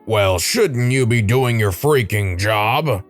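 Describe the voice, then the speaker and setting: Casting: man playing a low-voiced, slow, menacing bully of a patient, insulting. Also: lively intonation, faint music behind. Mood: angry, bullying. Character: rude angry middle-aged male patient, bullying.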